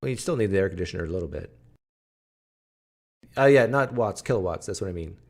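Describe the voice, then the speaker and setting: A man's voice: low-pitched, expressive, fast talker, vocal fry. A man hosting a livestream from home, chatting casually and answering viewers' comments aloud. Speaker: livestream host. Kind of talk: casual live chat with viewers.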